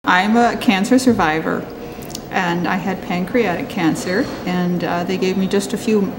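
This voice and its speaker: A woman's voice: fairly low pitch, fairly even intonation, a little slow, noisy background. A woman sharing personal memories in an interview, chatty, laughing often and acting out remembered conversations. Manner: chatty, laughs often, acts out quoted dialogue. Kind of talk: tearful-to-laughing personal storytelling.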